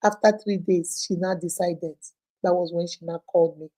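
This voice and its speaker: A Nigerian woman hosting a viewer advice show, retelling a caller's story in an expressive, heartfelt way with pidgin touches. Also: fairly low pitch, normal speed, a little hiss or hum, low-quality recording.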